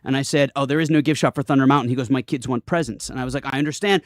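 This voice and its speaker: A man's voice: mid-range voice, fairly even intonation, rapid-fire, no room sound, studio quality. A man guesting on a podcast, telling a story in casual chat, laughing often and quoting people in his own voice.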